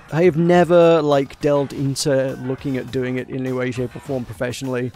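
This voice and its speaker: A man's voice: mid-range voice, gravelly, mellow. A man hosting a let's play, chatting casually and self-deprecatingly between lines. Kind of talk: casual game commentary.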